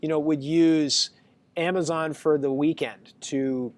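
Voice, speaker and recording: Chatty animated male lecturer. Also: a little high, takes it slowly. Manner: chatty, animated storyteller addressing students. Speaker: university lecturer. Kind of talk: casual classroom lecture.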